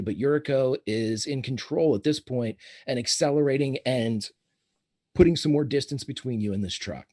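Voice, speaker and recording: Guy game-mastering a tabletop rpg, fairly high voice, describes scenes, calls for rolls. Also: a little mellow.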